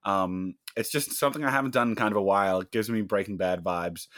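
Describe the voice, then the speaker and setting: A young man with a fairly low voice chats casually on a podcast, stopping and restarting his sentences often. The recording is dry and close. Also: a bit bright, no echo. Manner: chatty, halting, frequent fillers and restarts. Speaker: podcast co-host.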